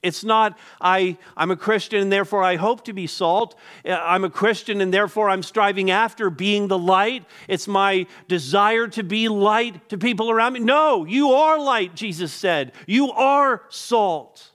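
A high-pitched man delivers a sermon as pastor, preaching with emphasis. He slows down to stress key phrases and often repeats words as he builds each point. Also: steady tone, fairly bright tone.

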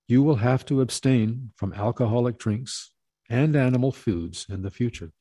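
A man voicing a calm, kindly spiritual master who speaks gently and in measured words. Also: mid-range voice, breathy edge, dry recording, studio quality, lightly acted. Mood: firm. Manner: gentle, soft-spoken, measured.

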